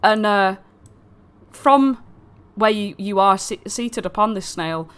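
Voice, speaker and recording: A woman's voice: mid-range voice, slow pace, smooth. Chatty woman running a game. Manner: chatty, lively, many fillers and restarts. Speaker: dungeon master. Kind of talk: narrating a tabletop game.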